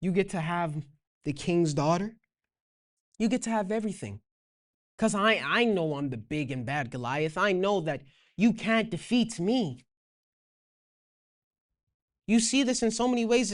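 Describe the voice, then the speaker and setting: Lively woman with a Toronto accent. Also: mid-range voice, a little slow, pauses often. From Canada. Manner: reads scripture aloud, then explains it in slangy asides. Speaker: Bible teacher. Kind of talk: casual Bible lesson.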